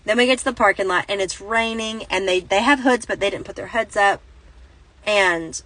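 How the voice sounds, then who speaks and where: A woman's voice: mid-range voice, moderate pace, fairly bright tone, low-quality recording. A woman in her thirties telling a rambling, self-correcting story in a casual vlog, recorded on a phone inside a parked car. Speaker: Christian vlogger.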